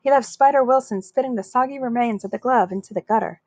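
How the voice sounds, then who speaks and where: A woman reading a children's chapter book aloud in a steady, expressive way. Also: a little high, quick pace, a little hiss or hum. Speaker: story reader.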